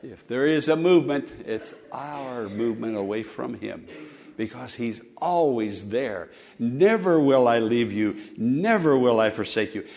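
A man preaching a sermon, swinging between loud emphatic lines and soft low asides, and leading the congregation in call-and-response. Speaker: pastor.

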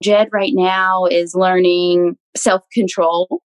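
A woman's voice: fairly low pitch, flat delivery, slow pace, smooth, dry recording, low-quality recording. Young woman, interview guest, earnest, frequent laughter, dry close sound. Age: young adult. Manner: laughs often, warm and earnest. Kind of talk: casual interview talk.

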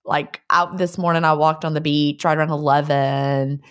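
Living in a beach resort town, this middle-aged podcast co-host chats casually through listener letters, laughing as she tests out their regional phrases. She speaks in a low, smooth voice with fairly even intonation at a moderate pace.

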